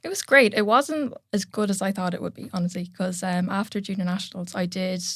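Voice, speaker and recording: A young woman with an Irish accent, a guest chatting casually on a podcast, full of "like" and quick laughs. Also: mid-range voice, no echo, clean studio sound. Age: young adult. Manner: chatty, lots of "like", laughs while telling stories. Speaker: guest powerlifter. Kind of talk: casual interview chat.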